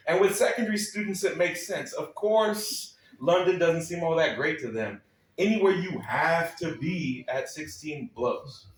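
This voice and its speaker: A man's voice: on the high side, animated, unhurried. A man from Texas, reading a personal essay aloud at a live club night with a wry, sardonic delivery and dry asides. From Texas, United States. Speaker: spoken-word performer. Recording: echoey room, voice a little far from the mic.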